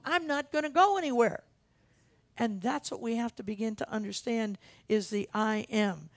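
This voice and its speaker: A woman's voice: a little high, no room sound. A woman minister preaching a sermon in an earnest, emphatic way, repeating her key phrases for weight. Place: church sanctuary.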